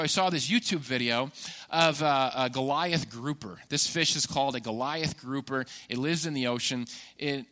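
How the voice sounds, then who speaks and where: A man preaching a sermon in a church, telling stories in a conversational, animated way. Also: mid-range voice. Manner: conversational, animated storytelling with laughs. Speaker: pastor.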